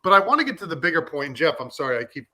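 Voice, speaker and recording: Bright, fired-up former lineman. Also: a little high, very fast, slight background noise. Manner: animated, fired up. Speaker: podcast co-host, former defensive lineman. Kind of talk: casual sports chat.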